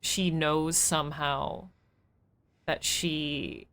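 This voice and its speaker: A woman's voice: sits low, steady tone, very slow, a bit bright, smooth. A woman streaming a game live, talking through her thoughts in a rambling, reflective way, full of fillers and restarts. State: emotional and weepy. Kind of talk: live-stream gameplay commentary.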